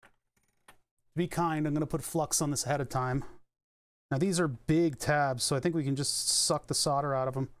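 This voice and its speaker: Young man streamer, casual rambling repair talk, higher pitch. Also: fairly even intonation, moderate pace, pauses often. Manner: thinks aloud, rambling, swears casually. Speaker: streamer doing car electronics repair. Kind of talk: casual live-stream commentary.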